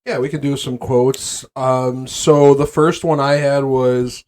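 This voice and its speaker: A man co-hosting a podcast in casual chat, relaxed, reading quotes aloud with hesitant fillers. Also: mid-range voice, takes it slowly. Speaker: podcast co-host.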